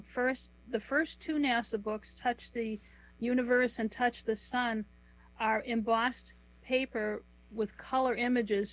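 A middle-aged woman author answering interview questions, explaining at a measured pace and slowing down to list things one by one. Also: fairly high pitch, rough recording. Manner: measured, explanatory, lists items slowly. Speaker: author and guest.

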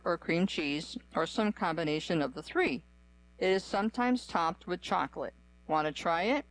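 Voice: medium pitch, low-quality recording. A narrator giving a scripted, evenly read-aloud run through a list.

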